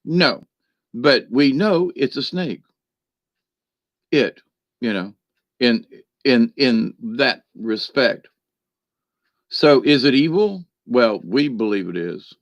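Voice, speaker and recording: A man's voice: medium pitch, sing-song, slow pace, pauses often, dry recording, dull audio. A man giving a casual spiritual talk and telling a story, rambling with many fillers and restarts. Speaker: spiritual teacher.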